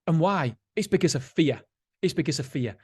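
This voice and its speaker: A man with a somewhat high-pitched speaking voice hosts a casual motivational podcast. He talks bluntly and swears freely. He circles back on his own points and restarts sentences as he goes. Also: expressive, normal speed, slightly rough. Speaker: podcast host.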